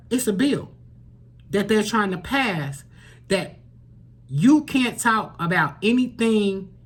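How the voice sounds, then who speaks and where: Husky lady doing a slow spiritual tarot read, kinda preachy, says stuff twice, goes all soft n whispery sometimes. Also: medium pitch. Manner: earnest, preachy, repeats phrases for emphasis; drops to soft near-whispers on emotional points. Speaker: tarot reader. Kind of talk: spiritual tarot reading to camera.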